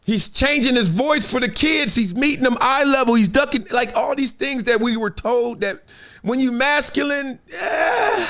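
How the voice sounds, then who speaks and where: A man in his fifties hosting a talk show, telling stories in a casual, animated way and acting out other people's lines. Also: very high-pitched, normal speed. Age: 50s. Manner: animated storytelling, acts out quoted voices, frequent laughs. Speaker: show host.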